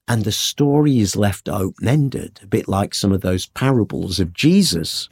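A man's voice: lowish voice, a little slow, creaky, slightly rough. A man teaching a Bible story in a conversational podcast, acting out the quotes as he tells it. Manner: animated storytelling with acted-out quotes.

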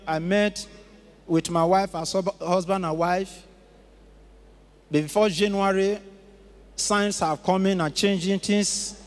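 A man giving a testimony to a church congregation in short, measured phrases. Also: high voice, steady tone. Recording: echoey large auditorium.

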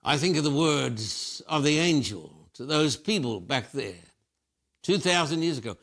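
Fervent older preacher. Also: male voice, a little high, animated, normal speed, vocal fry, fairly bright tone. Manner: emphatic preaching with repeated phrases. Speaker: Christian preacher. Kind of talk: fervent spiritual interview answers.

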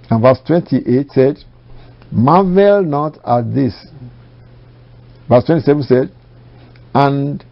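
A man preaching a sermon, emphatic, slowing down to quote scripture and rising on key phrases. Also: mid-range voice. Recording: dull lo-fi recording.

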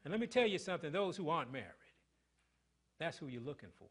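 This middle-aged pastor is very animated, talking fast in a voice on the high side. His sermon runs on call and response, quizzing the congregation as he moves between loud, emphatic passages and hushed ones.

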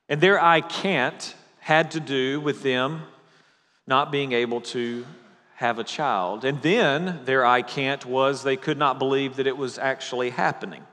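A man preaching a sermon to a live congregation, opening with dad jokes and then slowing to emphatic repetition. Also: medium pitch, a bit bright. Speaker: pastor. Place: church sanctuary. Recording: long hall reverb.

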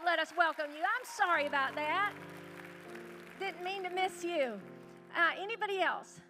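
Woman pastor, very high voice, chatty, music playing behind. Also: normal speed. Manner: chatty, warm-hearted, calls out to the crowd. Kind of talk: welcoming the congregation from the pulpit. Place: church service.

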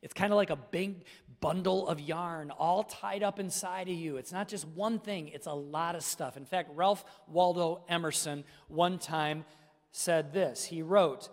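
A man's voice: on the high side, a little slow, in a large hall. A middle-aged male pastor preaching a sermon with emphasis, speaking straight to his congregation. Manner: emphatic preaching, addresses listeners directly.

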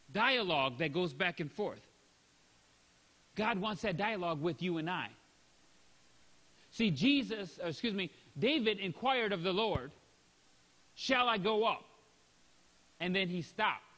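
A man preaching a sermon as pastor, acting out short voiced exchanges and swinging between loud and soft. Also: high voice, expressive, unhurried, long pauses, long reverb tail. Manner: acts out short voiced exchanges, rising and dropping in volume.

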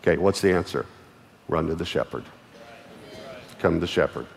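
A man's voice: sits low, normal speed, creaky. A man preaching a sermon as pastor, emphatic and building in force. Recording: long hall reverb with faint music.

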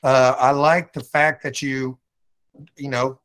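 A man's voice: medium pitch, level tone, takes it slowly, fairly bright tone, smooth. A man who is a guest minister, earnestly telling stories in a conversational ministry talk.

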